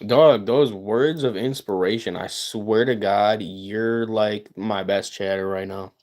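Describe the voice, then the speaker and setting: A man live streaming and chatting with his viewers, boastful and self-hyping, swinging between loud outbursts and low mutters and repeating himself. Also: fairly even intonation, takes it slowly. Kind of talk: casual livestream chat with viewers.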